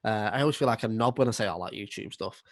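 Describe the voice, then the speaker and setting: A man's voice: fairly low pitch, fast talker, no room sound, studio quality. Chatty man co-hosting a stream. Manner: joking, self-mocking, chatty. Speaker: co-host. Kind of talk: casual livestream chat.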